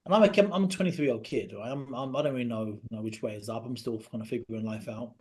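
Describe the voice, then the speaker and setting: A man, a podcast guest telling a personal story in an earnest, halting way that often drops to a quiet voice. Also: medium pitch, slightly rough. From Britain.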